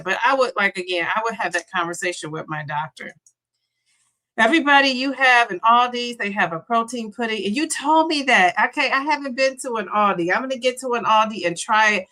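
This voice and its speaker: A woman's voice: mid-range voice, sharp tone. A middle-aged woman hosting a casual livestream, chatting openly, reading viewer comments aloud and cheering people on. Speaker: livestream host.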